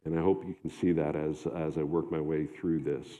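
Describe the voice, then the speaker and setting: Deep-voiced pastor in a dull, echoing hall. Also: male voice, little pitch movement, dark tone. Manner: conversational, halting with restarts and fillers. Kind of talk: sermon. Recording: long hall reverb, dull lo-fi sound.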